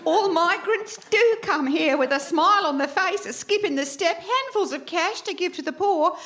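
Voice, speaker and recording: A woman's voice: very high-pitched, expressive, moderate pace, a bit bright. An actress playing an earnest, gushing female party leader.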